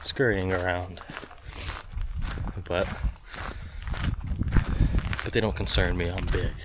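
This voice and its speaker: This is a casual walking vlog from an American travel vlogger on a rural back road, shot on a handheld phone. His voice is deep and low, his intonation fairly even, and he takes it slowly while rambling, using many fillers and poking fun at himself. Footsteps crunch on gravel and leaves amid clear outdoor noise.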